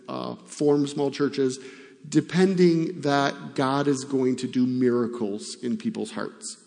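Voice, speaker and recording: A man's voice: mid-range voice, vocal fry, mellow. Man, middle-aged, missionary pastor, conversational sermon, long hall reverb. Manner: earnest, conversational preaching with fillers. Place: church sanctuary.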